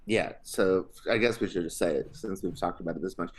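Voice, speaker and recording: A young man co-hosting a casual podcast, loud and hyped at the open, laughing and swearing as he chats. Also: low voice, brisk. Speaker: podcast co-host.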